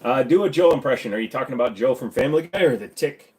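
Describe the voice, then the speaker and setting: A man with a stuffy, congested voice hosting a casual livestream Q&A, joking and rambling with quick asides. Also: medium pitch, animated, darkish tone, poor audio. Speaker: streamer hosting a Q&A.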